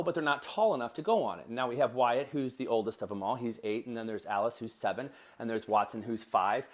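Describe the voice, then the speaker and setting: A middle-aged man tells a family story in a casual, earnest way and speaks straight to his listeners as a podcast host. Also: mid-range voice.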